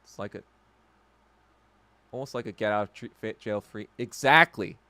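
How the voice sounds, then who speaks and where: A man's voice: on the low side, moderate pace, sharp tone, no room sound. A man hosting a podcast, ranting and swearing in casual chat with viewers and laughing often. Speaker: podcast host. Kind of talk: casual livestream chat reacting to viewer comments.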